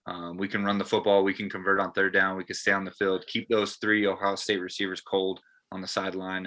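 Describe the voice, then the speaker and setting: A man's voice: lowish voice, pushed and bright. A man and former player co-hosting a casual postgame chat, earnest and rambling with lots of fillers.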